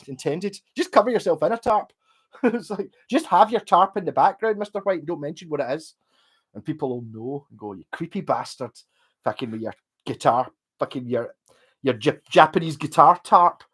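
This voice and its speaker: A man's voice: fairly high pitch, fairly bright tone, breathy edge. A man with a Scottish accent, tipsy from drinking, rambling and swearing heavily as he chats casually on a live stream.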